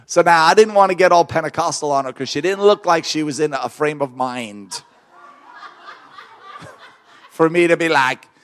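A fervent male preacher telling stories in a sermon, animated and quick to laugh. His voice sits a little high for a man. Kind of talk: sermon storytelling.

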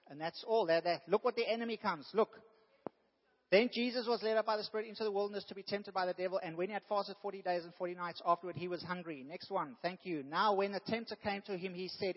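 A man's voice: high voice, a little fast. Earnest preacher man in a reverberant hall. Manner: earnest, builds to emphatic bursts. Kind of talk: sermon. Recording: dull sound with long hall reverb.

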